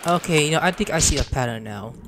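A man's voice: a little high, animated, fast, heavy background noise. A man doing let's play commentary, exclaiming and swearing at what happens on screen. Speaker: gaming YouTuber.

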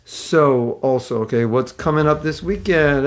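Gravelly-voiced man teaching a casual class. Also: medium pitch, unhurried, few pauses. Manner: rambling, self-mocking humor. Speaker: spiritual teacher. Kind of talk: casual online scripture class.

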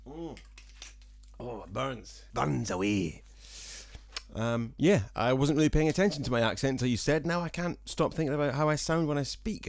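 A singer-songwriter from Scotland, his Scottish accent softened by years in England, rambling to viewers in a casual vlog with dry, self-mocking jokes. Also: medium pitch, no echo. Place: small room at home, with a fan.

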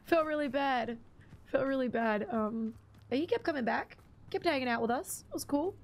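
A woman game streamer with a high, gravelly, expressive voice chats casually at a normal pace while she plays. She rambles through stories and laughs often during the live stream.

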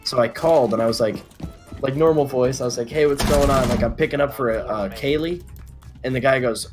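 A young man in casual voice chat with friends, telling a rowdy story and breaking into shouted, laughing punchlines. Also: medium pitch, fairly quick, music in the background.

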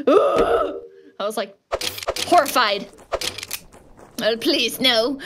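Excitable high-voiced woman streamer. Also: slow, pauses often, soft background music. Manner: animated, excitable, jokey, with sudden yelps. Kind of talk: live gaming stream chat. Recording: noisy background.

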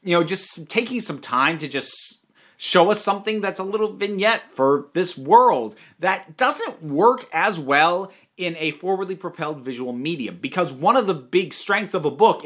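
A man with a slightly higher-than-usual voice talks through a review in an unscripted, analytical way. He reasons aloud, circling back to refine each point. It sounds like a channel host speaking straight to his viewers. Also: lively intonation, moderate pace, fairly bright tone. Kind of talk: casual spoken review.

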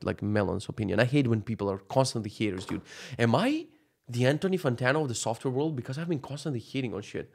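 Young male podcast host, sweary sarcastic rant, average pitch. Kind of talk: casual solo podcast rant.

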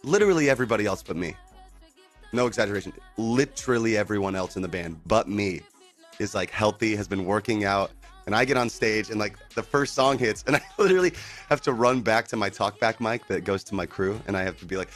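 A man on a relaxed livestream from home, greeting his viewers in an easygoing, upbeat way. His voice sits fairly low. Faint music plays behind him. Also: fast. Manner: laid-back and upbeat, full of "dude" and "man". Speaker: livestreamer and band singer. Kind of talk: casual livestream chat with viewers. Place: at home indoors.

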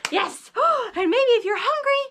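A woman leading young children through a phonics lesson in a sing-song teacher voice. Her voice is very high, bright and lively, and she talks slowly and carefully. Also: slight background noise. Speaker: early reading teacher.

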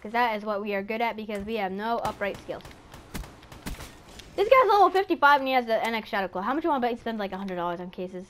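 A little hiss or hum sits under this gaming YouTuber's mid-range voice as she talks at a quick pace through live match commentary, excitably chatting to on-screen enemies and screaming when startled.

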